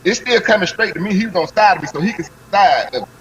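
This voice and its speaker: A man with a high-set voice tells an excited fishing story in thick slang, piling on detail. He is a guest on a live stream, with faint noise behind him. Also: quick pace, poor audio. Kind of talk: animated fishing story, casual chat.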